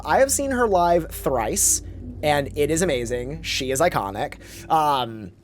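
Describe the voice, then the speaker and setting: A man's voice: on the high side, very animated, a little slow, faint music behind. A man streaming a game, chatting casually in a rambling way with campy slang and reading chat aloud. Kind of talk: casual live-stream chat while gaming.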